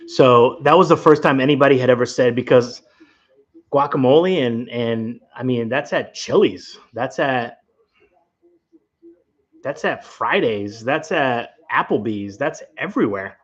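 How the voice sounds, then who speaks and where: A man's voice: mid-range voice, dull audio. A man with a Rhode Island accent hosting a casual late-night livestream from home, rambling and chatting straight to his viewers. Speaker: livestream host.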